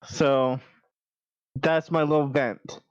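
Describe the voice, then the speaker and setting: A man's voice: medium pitch, fairly even intonation, slow, clean tone, dull audio. A man co-hosting a casual podcast, speaking in a laid-back, mildly grumbling way in short bits. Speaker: podcast co-host. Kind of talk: casual chat.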